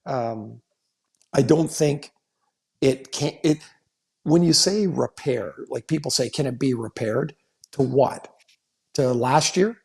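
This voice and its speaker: A man's voice: medium pitch, takes it slowly, creaky, long pauses. A middle-aged man, a former player, co-hosting a casual sports podcast and telling stories in a blunt, joking way. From Canada. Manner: blunt, storytelling, laughing asides.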